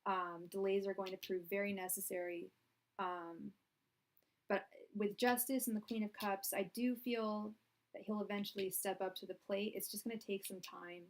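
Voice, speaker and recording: A woman's voice: mid-range voice, steady tone, normal speed, a little hiss or hum. A young woman doing a live tarot reading, chatty and rambling, full of fillers and restarts, projecting her voice. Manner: projecting loudly so the audio carries. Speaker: tarot reader.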